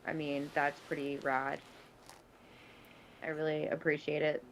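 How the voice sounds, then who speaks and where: A woman's voice: sits low, little pitch movement, measured pace, slight background noise, poor audio. A woman co-hosting a casual talk show, rambling with many fillers. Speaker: podcast co-host. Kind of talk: casual chat.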